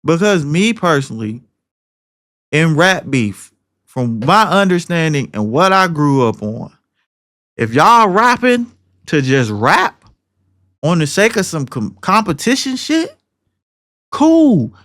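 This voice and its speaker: Young dude on a podcast, pretty high voice, heated cussing rant full of slang. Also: male voice, big pitch swings, takes it slowly, pauses often, a bit bright. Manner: heated, profane, rambling with slang. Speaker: podcast co-host.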